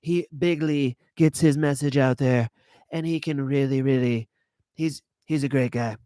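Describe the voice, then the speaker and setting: A man's voice: mid-range voice, measured pace, mellow, clean tone, no echo, studio quality, pitched below the performer's own voice, close to an everyday voice. A man doing a comic impression of a boastful, blustering male politician with repetitive phrasing.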